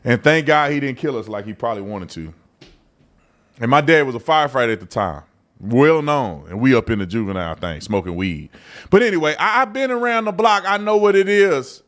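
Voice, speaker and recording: This adult host from Texas runs a live political commentary show, with a Texan accent and a blunt, mocking, slang-filled delivery. His medium-pitched voice is expressive, a bit bright, and a little fast.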